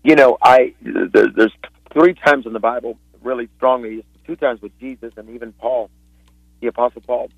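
Male guest preacher, fervent storyteller, average pitch, dry phone-line sound. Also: fairly even intonation, moderate pace, creaky, no echo. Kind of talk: impassioned preaching on a talk show.

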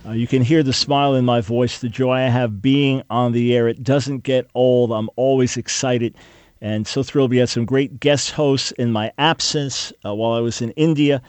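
A man's voice: medium pitch, fairly even intonation, normal speed, darkish tone, no echo, faint music behind. Emphatic male talk radio host. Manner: emphatic, earnest, preacher-like cadence. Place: radio studio. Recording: dry studio mic.

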